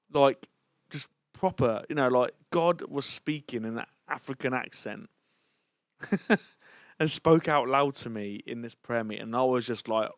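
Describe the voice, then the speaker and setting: A man's voice: medium pitch, moderate pace, no echo, studio quality. Earnest man telling a story. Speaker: church leader. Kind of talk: personal testimony talk.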